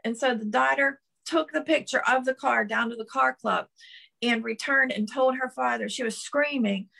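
Fervent woman preacher, bright gravelly voice. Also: high voice, normal speed. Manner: fervent, repetitive declarations with frequent restarts. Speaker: prophetess preaching. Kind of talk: sermon.

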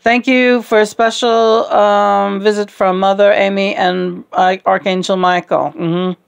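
A woman's voice: medium pitch, level tone, unhurried, vocal fry, clean tone. A woman who reads tarot and channels, talking in a casual, giggly, affectionate way. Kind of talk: casual live spiritual chat.

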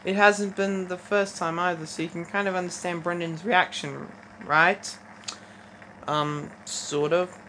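Speaking in a fairly low, fairly bright voice with a steady tone, a teenage girl reads fanfiction aloud haltingly and casually, restarting often and breaking in with wry comments between passages. The recording is low-quality, with faint background noise.

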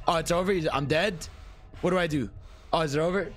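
A man's voice: a little high, quick pace, faint music behind. A young man streaming a horror game live, talking to his chat, swearing, screaming and laughing at scares. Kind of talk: live gameplay commentary.

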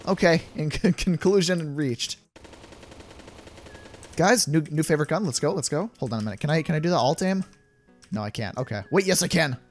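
A man's voice: a little high, animated, fairly quick, long pauses. A young man giving playful gameplay commentary, laughing often as he reacts. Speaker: gaming YouTuber. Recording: game music playing faintly behind.

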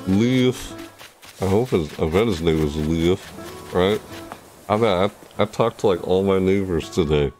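Man, gravelly voice, casual gameplay commentary, rambling and jokey, soft music behind. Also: lively intonation, a little slow. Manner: rambling, jokey, breaks into loud high squeals. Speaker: streamer.

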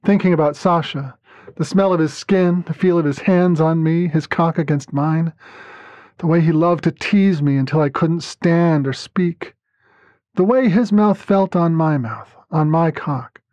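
Male narrator, calm first-person story reading, slightly high voice, dull dry recording. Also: a little slow, no echo. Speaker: podcast narrator.

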